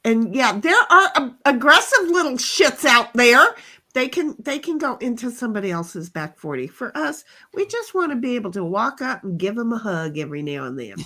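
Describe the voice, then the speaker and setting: Chatty woman co-host with a fairly high voice, jokes around and drawls out viewer comments. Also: very animated, moderate pace, sharp tone. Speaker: co-host of a chat livestream. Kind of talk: casual chat reading out viewer comments. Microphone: desk mic.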